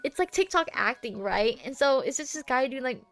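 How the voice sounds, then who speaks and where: A woman's voice: high-pitched, expressive, brisk, a bit bright, faint music behind. A young woman streamer chatting casually with her viewers, playful and teasing, giggling often and rambling with lots of fillers.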